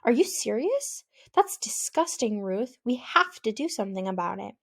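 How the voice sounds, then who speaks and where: A woman's voice: fairly high pitch, vocal fry, full character voice. Woman doing an eager, outspoken teenage girl. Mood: indignant, eager. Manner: lively, quick to outrage.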